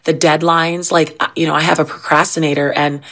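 Frank woman with a lowish voice. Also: flat delivery, brisk, a bit bright. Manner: frank, emphatic. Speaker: guest mother. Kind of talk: casual radio talk.

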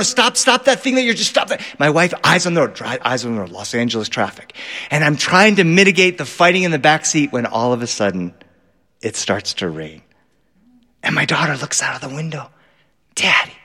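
Animated male storyteller in a reverberant hall. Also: on the high side. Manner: animated, acts out voices, bursts into shouts. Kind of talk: live storytelling performance.

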